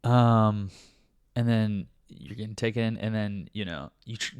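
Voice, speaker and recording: A man's voice: on the low side, a little slow, a little mellow, smooth, dry recording, clean studio sound. A man vlogging a casual, reflective monologue, rambling with many fillers and restarts, sometimes talking to himself with self-mocking laughs.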